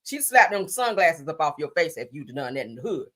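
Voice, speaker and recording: A woman hosting a livestream, giving sassy, animated commentary on news and gossip, swearing freely and calling listeners honey. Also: deep voice, fairly quick. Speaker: livestream host.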